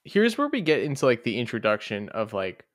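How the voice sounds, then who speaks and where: A man's voice: medium pitch, wildly swooping pitch, brisk. A young man co-hosting a podcast, chatting casually about a movie in a loose, filler-heavy way. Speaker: podcast co-host. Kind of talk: casual movie review chat.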